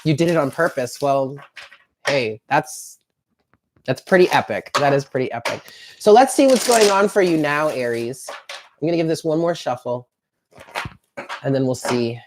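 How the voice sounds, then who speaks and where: A woman's voice: low voice, very animated, moderate pace, pauses often, noisy background. A woman giving a chatty live tarot reading, talking straight to her viewers in an upbeat way. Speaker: tarot reader.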